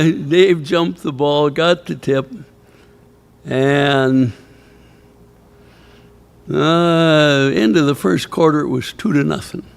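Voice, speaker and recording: Older male former coach, gravelly, slightly high voice, meandering anecdotal speaker. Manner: rambling anecdotal storyteller, chuckling, quoting others. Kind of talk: storytelling speech at an awards ceremony. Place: banquet hall at a ceremony.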